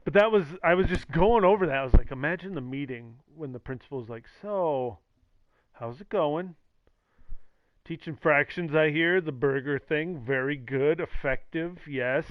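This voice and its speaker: A man's voice: a little high, normal speed, no echo. A man streaming, rambling casually with sarcastic jokes and acted-out quotes. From the Valley. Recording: dull lo-fi mic, dry.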